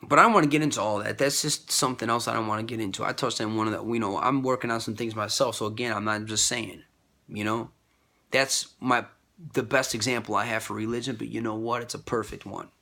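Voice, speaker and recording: A man giving a rambling casual monologue about faith and love, repeating himself and jumping high in pitch when he quotes others. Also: fairly even intonation, quick pace, creaky, bright, forceful tone.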